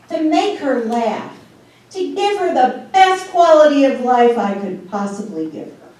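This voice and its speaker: A woman in her sixties giving a humorous storytelling speech in an animated way, with drawn-out pauses and laughing asides. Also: a little high. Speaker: speech contest speaker. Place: meeting hall. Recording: echoey hall from far off.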